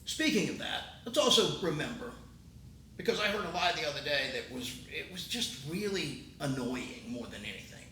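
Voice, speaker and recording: A man's voice: lively intonation, normal speed, sharp tone. A man hosting his own political commentary show, talking in an emphatic, indignant way. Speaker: host. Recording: roomy, distant mic, faint rumble.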